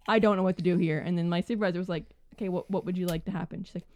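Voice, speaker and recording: A young woman telling a work story casually on a podcast, animated and full of "like" fillers. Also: mid-range voice, racing, no room sound.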